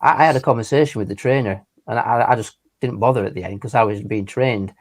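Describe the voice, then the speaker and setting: A man's voice: medium pitch, fast. A man in casual chat, stumbling and repeating words as he explains.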